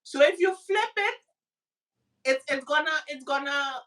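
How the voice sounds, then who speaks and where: A woman from the Caribbean with a high, bright voice, chatting as a podcast co-host. She tells stories with animation and jumps into squeaky, acted-out voices. She sits a little back from the mic. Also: unhurried, recorded from a distance. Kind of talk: casual chat.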